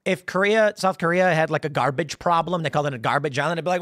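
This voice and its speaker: An American man with a high-pitched voice hosts a casual political commentary monologue. He rambles through animated stories, restarting sentences and laughing as he goes. The sound is dry and close, with no room echo. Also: quick pace. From United States. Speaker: political commentary show host.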